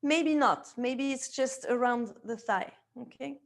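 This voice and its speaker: Woman, yoga teacher, unhurried delivery, slightly high voice, gentle breath-led cues. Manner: calm step-by-step cueing tied to the breath; gentle, reassuring, offers options. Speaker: yoga teacher and somatic therapist. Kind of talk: guided yoga class instruction.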